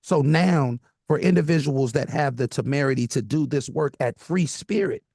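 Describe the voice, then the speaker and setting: A man's voice: mid-range voice, moderate pace, gravelly, mellow, breathy edge, no echo, clean studio sound. A young man hosting a radio talk show, speaking earnestly and respectfully to his guest. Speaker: host.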